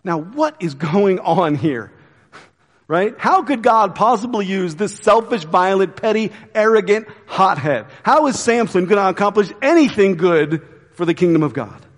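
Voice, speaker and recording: A pastor preaching a sermon in a casual, conversational way with quick asides. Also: male voice, high-pitched, lively intonation, long reverb tail. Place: church.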